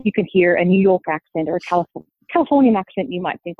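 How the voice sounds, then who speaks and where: A woman's voice: fairly low pitch, dry recording. Australian woman on a tinny line. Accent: Australian, softened. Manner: measured, explanatory, thinks aloud. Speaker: linguist guest. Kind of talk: conversational interview answer. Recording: dry tinny phone-like line.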